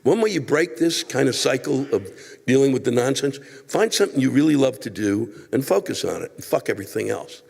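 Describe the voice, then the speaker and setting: A man's voice: medium pitch, lively intonation, fairly quick, creaky, darkish tone, slightly rough, long reverb tail. An older man, a comedian, ranting with profanity and exasperated outbursts while answering a viewer letter.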